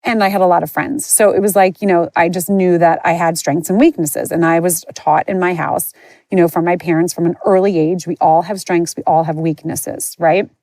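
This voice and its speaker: A woman hosting a podcast candidly tells her own life story, chatty and conversational, often saying "like" and "you know." Her voice is on the low side and a little mellow, with fairly even intonation at a moderate pace, and there's no echo.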